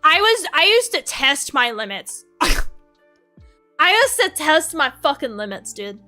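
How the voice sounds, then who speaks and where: A high-voiced woman rambles through a casual stream chat, crude and profane and quick to laugh. Her tone is bright and sharp. Soft music plays underneath. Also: sing-song. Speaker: VTuber streamer.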